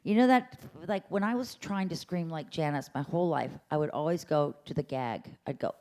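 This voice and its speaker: A woman's voice: sits low, moderate pace, dark tone. A woman voice teacher leading a workshop, chatty and playful, showing sounds by meowing and humming. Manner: demonstrates sounds, meows and hums. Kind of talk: vocal workshop instruction. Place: lecture room at a symposium.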